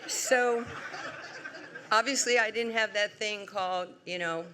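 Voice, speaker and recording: A woman in her sixties with a New York accent, giving an award acceptance speech as a lively, humorous storyteller. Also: medium pitch, measured pace. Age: 60s. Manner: lively, humorous storyteller, acts out quoted voices. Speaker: award honoree. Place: large event hall.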